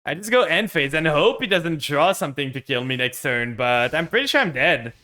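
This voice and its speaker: A man's voice: fairly high pitch, expressive, brisk, bright, forceful tone. A young man streaming a card game, commenting live on his plays and ranting with frustration at his opponent.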